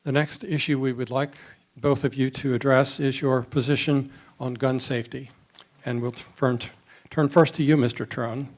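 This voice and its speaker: A man moderates a debate forum with brief, formal handoffs between speakers. His voice is medium in pitch. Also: steady tone, moderate pace.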